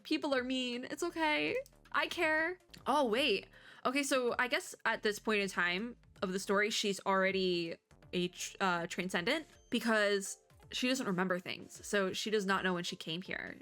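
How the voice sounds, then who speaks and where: Vtuber girl reading a game story, giggly n sarcastic, bright voice. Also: mid-range voice, moderate pace, soft background music. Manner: chatty, giggly, playfully sarcastic.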